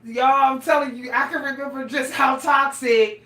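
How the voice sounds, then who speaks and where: A woman's voice: high voice, steady tone, normal speed, bright, forceful tone. A middle-aged woman, talking casually and animatedly to her viewers, laughing and exclaiming often. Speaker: vlogger. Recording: echoey room, voice a bit far from the mic.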